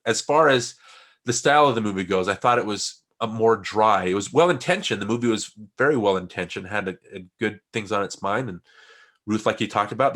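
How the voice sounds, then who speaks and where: A man's voice: fairly low pitch, a bit bright. A man co-hosting a casual film podcast, rambling, with frequent restarts and trailing asides. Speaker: podcast co-host.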